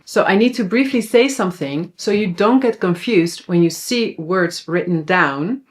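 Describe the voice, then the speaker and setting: A woman with a Dutch accent teaching a language lesson, explaining clearly and slowing down to model words. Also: fairly low pitch.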